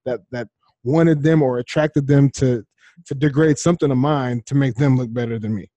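Man, thirties, guest in casual chat, halting, repeats words, dry close sound. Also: medium pitch, mellow, no echo. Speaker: podcast guest.

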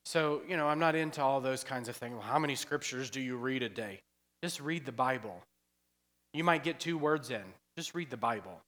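Joking pastor in a reverberant church. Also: male voice, mid-range voice, normal speed, fairly bright tone. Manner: chatty, joking asides, laughs often. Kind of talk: sermon. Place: church sanctuary.

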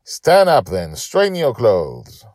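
A man's voice: mid-range voice, wildly swooping pitch, slow pace, a little mellow, no room sound, clean studio sound, voice pushed up, exaggerated voice. A man voicing a bossy four-year-old girl who plays a pirate captain and speaks harshly and commandingly.

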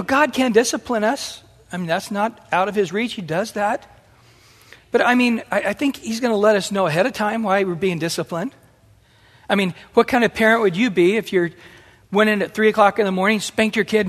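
A middle-aged man preaching a sermon in an animated way, acting out the voices he quotes. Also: sits high. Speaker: pastor. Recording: long hall reverb.

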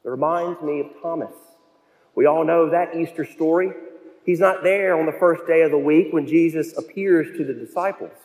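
A male pastor preaching a sermon, telling stories and slowing down to stress key phrases. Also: fairly high pitch, a little mellow. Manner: storytelling, with slow emphatic phrases. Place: church sanctuary. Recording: long church reverb.

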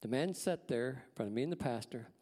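Folksy man with lively pitch. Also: brisk, big-room sound. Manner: folksy, animated storyteller acting out dialogue. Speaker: church staff member giving a testimony. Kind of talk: storytelling testimony in church.

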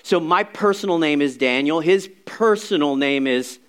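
A man who is a pastor, giving a conversational, animated sermon with casual asides to the congregation. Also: a little high, moderate pace, smooth.

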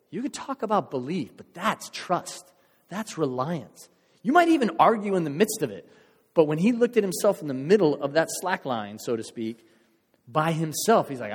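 A male pastor giving a sermon in a church, telling a story in a casual, animated way and acting out the crowd's voices. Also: on the high side, moderate pace, breathy edge, long reverb tail.

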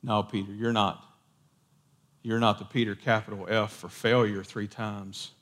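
Jesus, calm forgiving teacher, gentle and unhurried, as a preacher puts him on. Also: male voice, fairly low pitch, pitched below the performer's own voice. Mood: reassuring.

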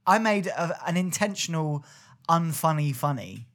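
A man's voice: on the high side, lively intonation, normal speed, fairly bright tone. A young man, co-hosting a casual podcast and telling anecdotes with dry, teasing humour. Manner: wry storyteller, dry teasing. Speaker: podcast co-host. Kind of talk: casual chat.

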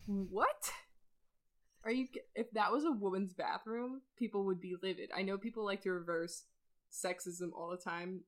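A young woman co-hosting a podcast in casual chat, animated and swearing freely as she acts out scenes. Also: medium pitch, fairly quick. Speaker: podcast co-host.

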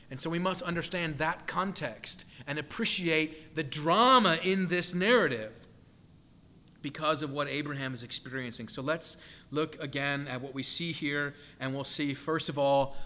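A man's voice: a little high, bright, forceful tone. A man preaching a sermon in an earnest, emphatic way, building dramatic tension when he quotes scripture.

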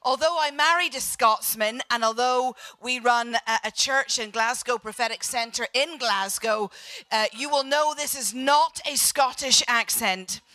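A high, bright-voiced Irish woman preaching to a congregation. She talks in a lively, jokey way straight to the people in front of her, and her voice sounds close and dry. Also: a little slow, no echo. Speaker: visiting prophet preacher. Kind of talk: sermon. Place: church hall.

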